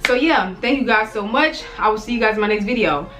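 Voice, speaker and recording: A woman's voice: a little high, fairly quick, bright, forceful tone, faint music behind. A young woman vlogger telling a casual story-time tale, rambling and profane, full of "like"s and acted-out quotes. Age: young adult.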